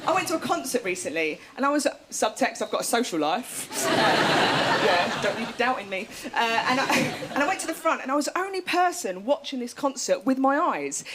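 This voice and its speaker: Woman comic in her thirties, stand-up set, chatty, self-mocking, fairly high voice, loud background hiss. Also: big pitch swings, brisk. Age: 30s. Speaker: stand-up comedian. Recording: loud noisy stage recording.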